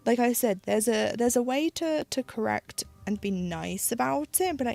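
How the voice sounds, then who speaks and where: A woman's voice: medium pitch, animated, a little fast, gravelly, darkish tone. A woman from the UK with a British accent, rambling casually and joking to her viewers while she stitches at home. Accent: British English. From United Kingdom. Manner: rambling and chatty, with frequent "like" and self-aware jokes. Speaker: live-streaming stitcher.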